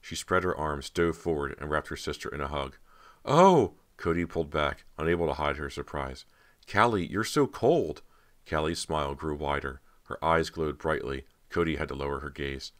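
A man with an extremely deep, low voice reads a horror audiobook in steady, measured narration. The delivery is even and deliberate, paced for storytelling.

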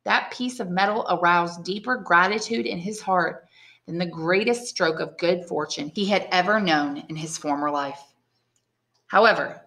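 An English teacher, a woman, narrating a classic novel aloud with clear, steady storytelling. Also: on the low side.

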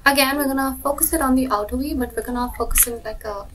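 A woman's voice: high voice, fast, slight background noise. Chatty young woman vlogger, distant mic. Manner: rambling, lots of "like", animated retelling. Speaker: beauty vlogger. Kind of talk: chatty storytime while doing makeup.

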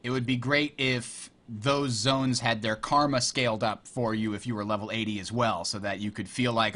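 A man's voice: mid-range voice, steady tone, moderate pace, hardly any pauses, sharp tone. A man co-hosting a casual podcast on a voice call, playful and laughing often. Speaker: podcast co-host. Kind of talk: casual chat. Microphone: computer mic on a voice call.

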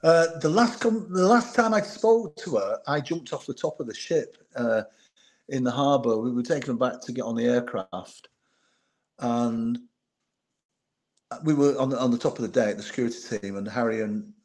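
A man speaks at medium pitch and a moderate pace. Middle-aged and formerly a bodyguard, he recounts anecdotes in an interview, voicing past conversations and restarting sentences often.

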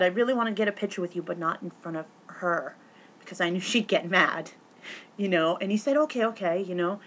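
Woman, vlogger, rambling casual story, excitable, fillers and restarts, bright tone. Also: fairly low pitch.

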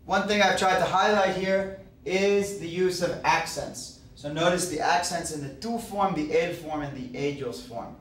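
A man teaching a grammar lesson in a patient, explanatory way, often pausing on "uh" and "okay". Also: high voice, a bit bright. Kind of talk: classroom grammar lecture. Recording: roomy, distant mic, faint background hiss.

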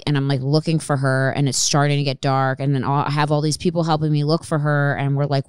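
A woman hosting a podcast, telling a story in casual chat, animated and full of fillers. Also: deep voice, fairly quick, few pauses, clean tone, dry recording, studio quality. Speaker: podcast host.

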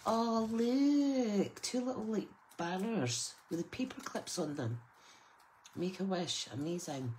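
A woman's voice: on the low side, sing-song, measured pace, a little hiss or hum, poor audio. A middle-aged woman, chatting casually and exclaiming with delight as she unboxes craft gifts. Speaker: craft channel host.

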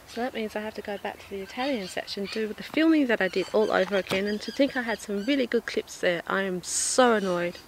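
A woman's voice: medium pitch, brisk, hardly any pauses. Lady vlogging in a cemetery on a handheld cam, chatty and annoyed, noisy outdoor sound. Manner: chatty and exasperated, with coaxing remarks to a bird. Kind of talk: casual handheld vlog commentary. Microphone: handheld iPod camera. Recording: noisy outdoor phone-camera audio. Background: birds and outdoor noise.

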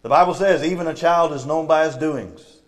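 A man's voice: a little high, a little fast. A middle-aged man with a Southern US accent preaching a church sermon, telling stories from his childhood and acting out the people in them. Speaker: lay preacher. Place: church sanctuary.

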